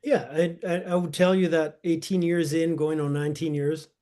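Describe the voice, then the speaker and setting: A middle-aged man speaking as an interview guest, measured and reflective with frequent fillers. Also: on the high side, little pitch movement, warm tone. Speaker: guest executive. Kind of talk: casual interview conversation.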